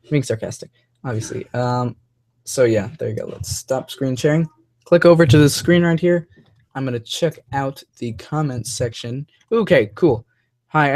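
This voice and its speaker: A man's voice: mid-range voice, darkish tone, dry recording. A young man hosting a live stream, chatting casually and rambling with many fillers and restarts. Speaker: host of a live toy-review show.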